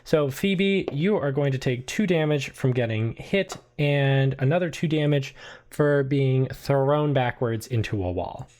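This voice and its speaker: Man, game master, mid pitch, laid-back, swears, lots of fillers. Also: a little slow, a little mellow. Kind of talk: narrating a tabletop game.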